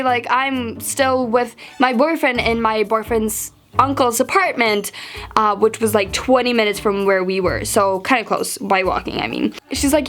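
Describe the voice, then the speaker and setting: A teenage girl telling a story to camera in a chatty, animated way, full of fillers and acted-out quotes. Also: a little high, normal speed. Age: teens. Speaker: vlogger. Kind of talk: storytime vlog.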